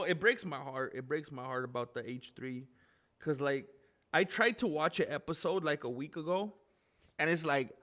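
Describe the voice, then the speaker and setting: Rambling live-stream host man, slightly high. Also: a bit bright. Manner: rambling, reads viewer names aloud, self-correcting asides. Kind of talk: casual live-stream chat.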